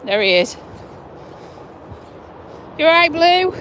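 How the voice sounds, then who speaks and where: Outspoken Yorkshire-accented woman, casual walk-and-talk vlogger, bright high voice, lots of swing. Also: sing-song, slow, a little hiss or hum. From Lincolnshire, England. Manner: blunt, chatty, mild swearing. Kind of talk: casual walking vlog. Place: outdoors walking a dog by a road.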